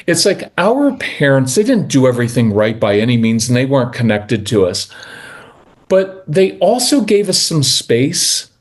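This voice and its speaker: A middle-aged man in a conversational interview as a parenting guest, telling earnest stories and slowing down to stress key points. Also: mid-range voice, sing-song. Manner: earnest, storytelling, slows down for emphasis.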